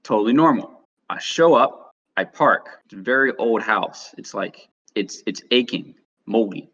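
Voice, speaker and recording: Young male co-host, lowish voice, rambling storyteller, muffled lo-fi audio. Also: lively intonation, unhurried, a bit bright. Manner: rambling anecdote with acted-out quotes. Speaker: podcast co-host. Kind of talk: casual chat, storytelling. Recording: dull lo-fi recording.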